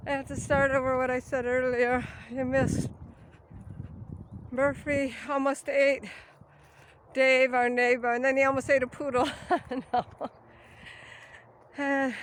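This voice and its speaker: A woman's voice: sits high, a little hiss or hum. A woman out of breath, walking along a grassy riverbank and talking into a phone at arm's length in a rambling, laughing vlog. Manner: rambling, laughs often, swears casually. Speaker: vlogger. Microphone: phone held at arm's length.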